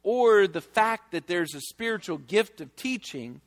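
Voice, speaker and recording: A male pastor delivers a sermon in a slightly high voice, talking in an easy, conversational way but slowing down hard on the phrases he wants to land. His voice rings out with the long reverb of a church hall. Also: expressive. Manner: conversational, emphatic, slows down to stress key phrases.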